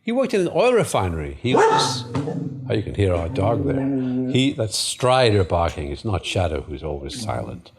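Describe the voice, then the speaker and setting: A man's voice: lowish voice, moderate pace, a loud crowd. A man from northern England, co-hosting with rambling, dryly humorous chat. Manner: lively, rambling, dry humor. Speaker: co-host. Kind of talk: casual chat.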